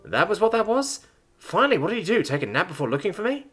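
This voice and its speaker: A man voicing a chirpy, cocky young alien woman with a high, teasing voice. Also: very animated, fast talker, husky, faint music behind. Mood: amused.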